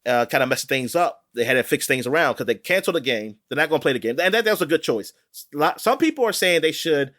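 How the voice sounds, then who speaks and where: A man co-hosting a podcast in casual chat, rambling and animated, with many fillers and restarts. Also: fairly high pitch, quick pace. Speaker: podcast co-host. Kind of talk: casual chat about sports.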